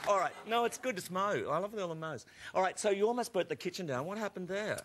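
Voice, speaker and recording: A man hosting a studio cooking game show, teasing his guests in lively banter. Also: high-pitched, fast, a faint crowd. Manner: jokey, teasing. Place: television studio with live audience. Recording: noisy studio with audience.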